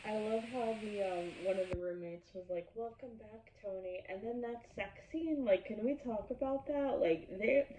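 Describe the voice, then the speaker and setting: A woman hosting an episode reaction vlog, talking excitedly and gushing with plenty of "like" fillers. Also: mid-range voice, moderate pace, few pauses, faint music behind. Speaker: YouTube host. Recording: echoey room, far from a dull mic.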